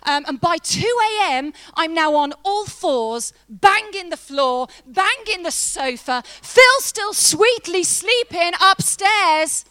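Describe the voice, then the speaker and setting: High-voiced woman preaching. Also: very animated, slow, hardly any pauses, bright, forceful tone. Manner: chatty, humorous, laughs often, emphatic. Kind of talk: sermon with personal story.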